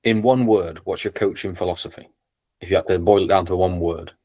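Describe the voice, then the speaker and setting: Very deep-voiced podcast host man. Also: fairly quick, dark tone. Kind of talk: casual podcast interview.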